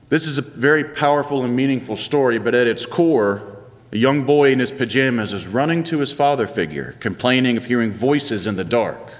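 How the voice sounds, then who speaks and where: A man's voice: mid-range voice, a little fast. Male pastor, 30s, chatty storytelling sermon, long church reverb. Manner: conversational, playful storytelling with varied pace.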